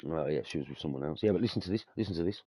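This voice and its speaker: Talking rapid-fire in a very deep, mellow voice with a breathy edge, this young podcast host spins stories in a casual chat. He swears freely, laughs a lot and drops slang such as bruv and mate. There's no room sound.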